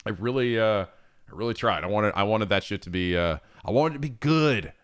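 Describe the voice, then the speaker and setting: A streamer chats casually on a livestream, reading viewer messages and replying with laughter and frequent swearing in a profane, animated way. His voice is lowish, a little fast, and smooth.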